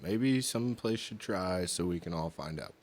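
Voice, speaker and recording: A man's voice: deep voice, animated, a little slow, a crowd in the background. A man cohosting a casual podcast, making dry, teasing quips. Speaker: podcast co-host. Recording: noisy room.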